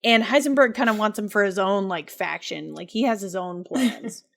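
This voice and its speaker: A woman's voice: mid-range voice, normal speed, vocal fry. A woman co-hosting a podcast, loosely recapping a story in casual chat, giggling often and leaning on fillers. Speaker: podcast co-host.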